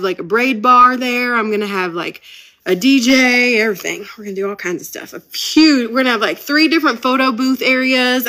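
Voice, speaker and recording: Hosting her own podcast, this business owner in her 30s keeps the casual chat upbeat and talks a great deal. She speaks in a mid-range voice that sounds pushed and bright.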